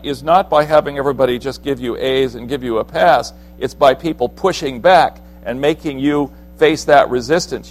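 Male preacher, mid-pitched, earnest and conversational, faint music bed. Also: low-quality recording. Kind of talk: sermon.

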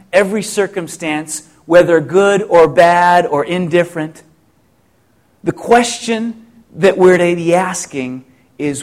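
This high-pitched male voice belongs to a middle-aged pastor giving a sermon. He is reflective, poses many rhetorical questions, and restarts often.

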